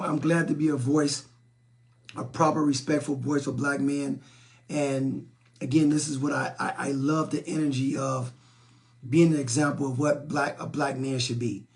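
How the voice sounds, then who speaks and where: Blunt, gravelly-voiced man on a live stream. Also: medium pitch, steady tone, moderate pace. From South Side of Chicago, USA. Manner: blunt, preachy, repeats himself and stumbles over words. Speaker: relationship talk show host. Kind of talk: live-stream talk, reading and answering viewer comments.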